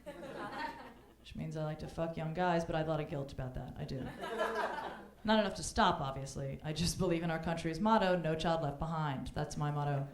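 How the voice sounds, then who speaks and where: A woman's voice: sits low, lively intonation, normal speed, a crowd in the background. A woman performing a stand-up comedy set on a club stage, brash and bawdy, often breaking into mocking voices for the people she quotes. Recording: echoey club room.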